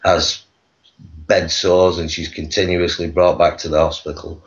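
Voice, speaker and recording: A man from England, a guest on a video call, telling his life story in a halting way full of pauses. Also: low-pitched, little pitch movement, dull audio. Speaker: guest, activist.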